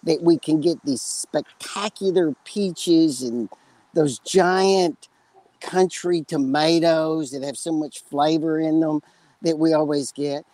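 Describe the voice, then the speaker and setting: A man's voice: on the high side, takes it slowly, warm tone, no echo, poor audio. A man with a West Texas accent, chatting casually as a podcast co-host and telling long, joking stories. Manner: rambling storyteller, joking. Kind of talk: casual chat.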